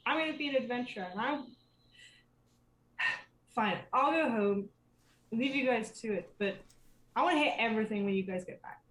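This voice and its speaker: A woman voicing a bold, excitable young girl in a tabletop game. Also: a little high, moderate pace, pauses often, reverberant, voice pushed up. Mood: eager.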